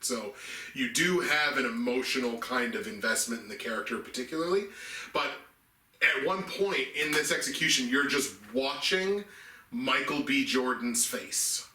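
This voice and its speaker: A man's voice: mid-range voice, bright, forceful tone, recorded from a distance. A man co-hosting a casual movie review chat, talking earnestly and restarting sentences as he explains his picks. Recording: echoey room, mic set back.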